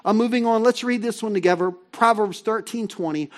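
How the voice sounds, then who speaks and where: A male pastor delivering a sermon in a relaxed, storytelling way. His voice sits high for a man, and he keeps turning to the congregation with quick asides and questions.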